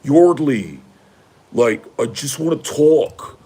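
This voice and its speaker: A man's voice: mid-range voice, animated, slow, dark tone, slight background noise, voice pushed up. A man doing an impression of a privileged young male college athlete who rambles and pads every phrase with "like". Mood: pleading.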